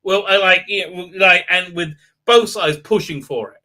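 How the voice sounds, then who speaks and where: A man's voice: high voice, normal speed, bright, forceful tone. A man hosting a live-stream review, rambling and sarcastic, with many stalls and restarts. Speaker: host and reviewer.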